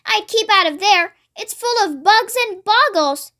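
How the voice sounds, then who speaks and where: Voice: very high-pitched, animated, a little slow, bright, forceful tone, voice pushed up, heavily acted. A reader voicing an anxious, polite young boy who pleads and calls out in alarm. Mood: alarmed, pleading.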